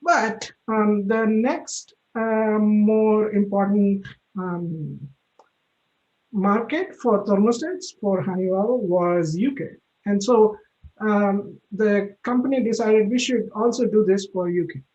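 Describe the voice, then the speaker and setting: A woman's voice: mid-range voice, darkish tone, dull audio. Hesitant woman lecturing in an echoey room. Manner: thoughtful, many ums and pauses. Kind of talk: university talk.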